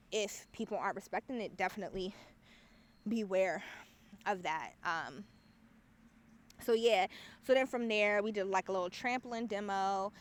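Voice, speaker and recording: A woman hosting her own podcast, telling a story in a casual, animated and profane way, with frequent laughter. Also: medium pitch. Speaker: podcast host.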